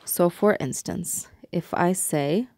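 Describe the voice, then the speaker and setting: A woman teaching a recorded language lesson, patiently explaining step by step and repeating example words slowly. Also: fairly low pitch, gravelly, darkish tone, no echo, clean studio sound.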